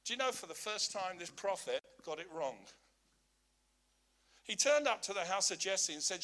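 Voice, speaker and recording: A man's voice: high-pitched, expressive, moderate pace, long pauses, sharp tone. A man preaching a sermon, emphatic, repeating his key lines, with humorous asides.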